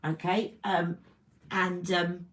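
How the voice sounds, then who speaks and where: A woman's voice: lowish voice, little pitch movement, takes it slowly, rough recording. A British woman hosting a casual makeup livestream from home, chatting and rambling as she greets viewers. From Britain. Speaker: beauty livestream host. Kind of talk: casual live makeup chat. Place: home room. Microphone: livestream camera mic.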